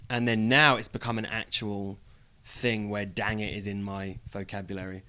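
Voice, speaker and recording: A young man with a British accent, a wrestler chatting as a guest in an interview, playful and quick to laugh. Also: lowish voice, flat delivery, pushed and bright, smooth. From United Kingdom. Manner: playful, jokey, laughs easily. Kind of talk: casual interview chat.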